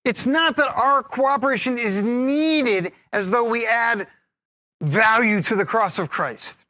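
A man preaching a sermon as pastor, lively and humorous, teasing his congregation and laughing often. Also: extremely high pitch, slow, dry recording.

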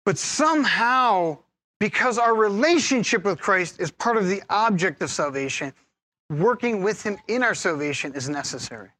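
A man preaching a sermon as pastor, lively and humorous, teasing his congregation and laughing often. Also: high-pitched, moderate pace, no echo.

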